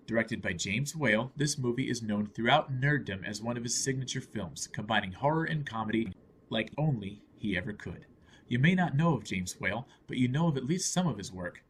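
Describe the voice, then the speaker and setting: A man's voice: mid-range voice, lively intonation, brisk, slight background noise. A man narrating a scripted film review in an earnest, explanatory way.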